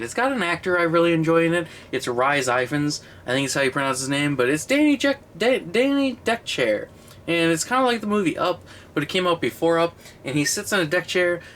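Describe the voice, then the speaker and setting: A tipsy young man in his twenties rambles through a casual home video, swearing freely and jumping into excited bursts. His voice sits at an ordinary middle pitch, a little slurred from drink, with faint background noise. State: drunk, slightly slurred. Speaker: collection vlogger. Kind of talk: casual unscripted video review.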